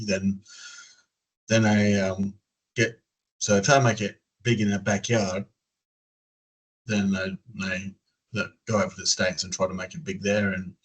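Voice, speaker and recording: Australian man, lowish voice, rambling. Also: low-quality recording. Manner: rambling, many fillers and restarts. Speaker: interviewee. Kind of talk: casual interview chat. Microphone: video call.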